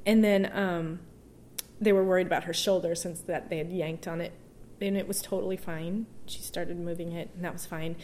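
A woman speaking as an interview guest and telling a personal story. She is emotional and halting, with restarts and soft laughs. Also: fairly low pitch, steady tone, slight background noise.

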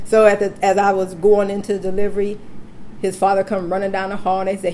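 A woman's voice: mid-range voice, quick pace. A woman casually telling a personal story, acting out the voices of the people she quotes. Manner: animated, acts out quoted voices.

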